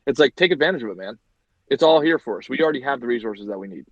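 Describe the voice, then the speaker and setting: A man co-hosting a podcast who argues his point with animated energy, using lots of fillers. His voice is mid-pitched. The recording is dry and slightly muffled. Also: racing, no room sound. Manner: animated, argumentative, many fillers. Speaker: podcast host. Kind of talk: casual chat.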